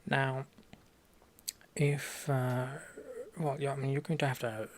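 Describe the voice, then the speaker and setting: A young man with a Norwegian accent in a whispered role-play as a language teacher, speaking softly and haltingly with deadpan jokes, close to the mic. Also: medium pitch. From Norway. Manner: soft-spoken, halting, deadpan joking. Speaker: ASMR creator playing a language teacher.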